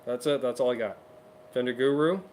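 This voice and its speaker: A man's voice: mid-range voice, steady tone, a little mellow, a little hiss or hum. Chatty man hosting a guitar livestream. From Canada. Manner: chatty, upbeat, quick asides. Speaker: co-host of a livestream guitar show. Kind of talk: casual livestream chat reading viewer comments.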